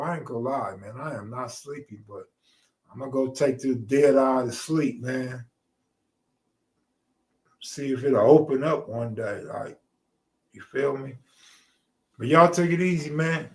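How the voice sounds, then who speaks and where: A man hosting a live stream, talking loosely and laid-back with slang. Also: mid-range voice. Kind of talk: casual chat.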